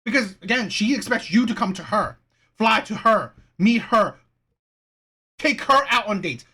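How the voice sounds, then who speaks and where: A woman's voice: mid-range voice, expressive, measured pace, sharp tone, husky. A woman host giving an indignant, emphatic reaction commentary on a clip.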